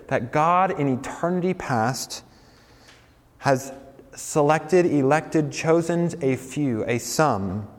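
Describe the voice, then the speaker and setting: Animated male preacher in a reverberant hall. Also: medium pitch. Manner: animated, mimics objectors in raised voice. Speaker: campus preacher. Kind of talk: sermon.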